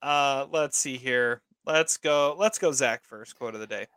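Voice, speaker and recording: A man's voice: medium pitch, measured pace, a bit bright, clean tone, dry recording, studio quality. A man hosting a casual movie podcast in an easygoing manner, laughing often. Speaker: podcast host.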